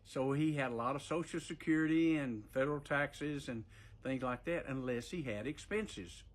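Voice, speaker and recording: A man's voice: mid-range voice, moderate pace. A man casually telling a personal story in a folksy way, with fillers and chuckles.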